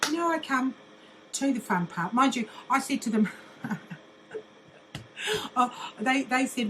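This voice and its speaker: A woman's voice: sits high, animated, measured pace, long pauses, a bit bright, a little hiss or hum, low-quality recording. An older woman, ranting bluntly in a monologue, mocking and swearing constantly, laughing often. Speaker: vlogger.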